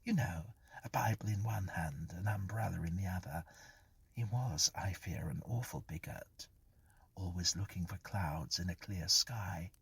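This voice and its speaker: A woman's voice: a bass voice, measured pace, creaky, husky, exaggerated voice. A man voicing a sly, mocking dead young woman in a spoken ghost story, raised well above his own voice. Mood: gossipy. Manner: teasing, scornful, mischievous.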